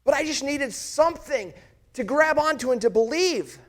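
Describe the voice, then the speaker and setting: This man's voice is very high-pitched, with lively intonation and a moderate pace. He's a pastor portraying the disciple Thomas, an earnest grown man, in a first-person sermon monologue full of passion, putting searching questions to his listeners.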